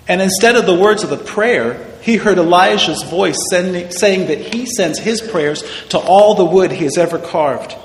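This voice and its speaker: A man tells a story aloud in a measured, expressive way. His voice sits slightly high for a man. It rings in a large room with a long reverb tail over a faint hiss. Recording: echoey hall with long reverb and faint noise.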